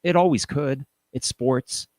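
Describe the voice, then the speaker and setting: A man's voice: medium pitch, unhurried, darkish tone, no echo. A man hosting a fan podcast, giving opinionated, casual commentary and thinking aloud with rhetorical questions. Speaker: podcast host.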